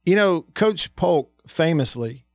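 A man's voice: on the high side, animated, slow pace, no echo, clean studio sound. A man co-hosting a sports radio show, chatting casually, laughing often and telling stories. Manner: laughing, storytelling. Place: radio studio.

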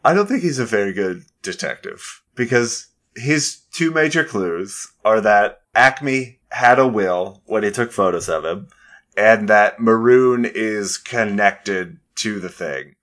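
A man's voice: lowish voice, expressive, measured pace, a bit bright. A man co-hosting a casual film podcast, talking in a dry, analytical way and laughing easily.

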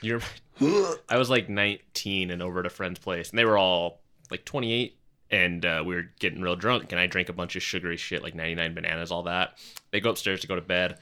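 A man in casual podcast chat telling profane stories with animated energy. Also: low voice, a little fast.

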